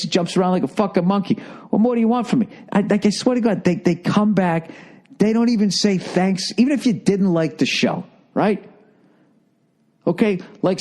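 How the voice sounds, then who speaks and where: A man's voice: mid-range voice, dark tone. A middle-aged man with an American Boston accent, hosting a solo podcast and ranting in an exasperated, profane way with stammered restarts. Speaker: podcast host.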